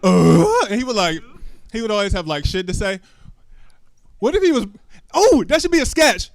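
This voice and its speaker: A man's voice: sits high, very animated, normal speed. Loose, chatty male stand-up comic. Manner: loose, chatty, asks the crowd lots of questions, cusses freely. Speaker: stand-up comedian. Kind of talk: live stand-up set with crowd work. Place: small comedy club stage. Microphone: handheld stage mic.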